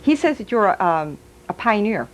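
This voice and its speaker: A woman's voice: mid-range voice, sing-song, moderate pace, low-quality recording. A woman giving a live stage reading as a psychic medium, chatty and giggly, passing on messages aloud.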